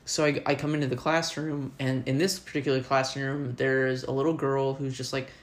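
A man's voice: mid-range voice, flat delivery, moderate pace. A man, a teacher abroad, chatting casually and telling a story with lots of "like" fillers. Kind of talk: casual conversation.

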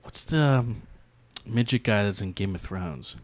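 A man co-hosting a podcast in casual chat, excitable, laughing often and swearing freely. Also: on the low side, a little slow, no room sound. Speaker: podcast co-host.

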